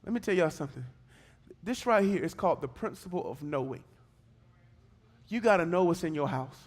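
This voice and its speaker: High-voiced preacher. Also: male voice, lively intonation, brisk. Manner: preaching, swings from conversational storytelling to fervent exhortation. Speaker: pastor. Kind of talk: sermon. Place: church service.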